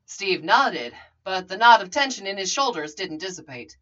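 Woman reading a story aloud, lively. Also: medium pitch, moderate pace, few pauses, dull audio. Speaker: reader. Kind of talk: storybook narration.

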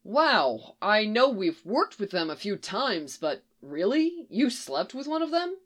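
A woman's voice: mid-range voice, sing-song, unhurried. Woman reading as a protective young guy, incredulous, story read aloud.

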